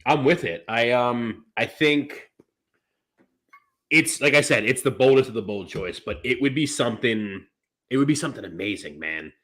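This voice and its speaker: A man's voice: medium pitch, moderate pace, a bit bright. A man co-hosting a wrestling podcast, talking casually in long rambling turns full of fillers and restarts. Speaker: podcast co-host.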